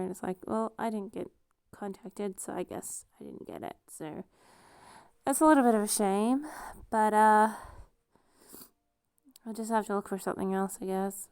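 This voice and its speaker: A darkish, smooth, mid-range voice belongs to a woman vlogger with a noticeable non-standard accent. She talks casually to camera in a rambling personal monologue, putting herself down and laughing frequently, recorded in studio quality with no room sound.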